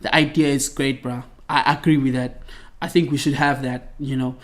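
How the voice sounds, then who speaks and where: A man's voice: mid-range voice, little pitch movement, normal speed, fairly bright tone. Heated young South African man ranting. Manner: heated, profane, slangy rant. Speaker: podcast host. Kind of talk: casual podcast chat.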